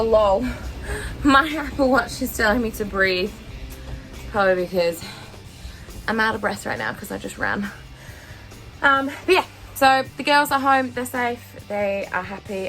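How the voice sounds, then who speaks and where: Young aussie woman vlogging on her phone, rambly, lots of um and like, lowish voice. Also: fairly bright tone. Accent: Australian. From Western Australia. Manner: chatty and rambling, many ums and likes. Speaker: horse-owning vlogger. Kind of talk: casual vlog chat to camera. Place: inside a horse float during rain. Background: background music.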